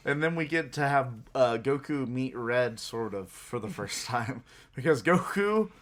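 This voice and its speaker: A man's voice: mid-range voice, lively intonation, measured pace, fairly bright tone. A man co-hosting a podcast, chatting in an easygoing way, laughing and putting on voices for quotes. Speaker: podcast co-host. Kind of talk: casual chat recapping an anime.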